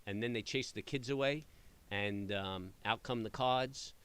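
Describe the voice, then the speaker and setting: A middle-aged man chatting casually with viewers, telling rambling, animated stories full of fillers. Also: mid-range voice, unhurried, clear, resonant tone. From New York area. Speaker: trading channel host. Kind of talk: casual chat answering live viewers.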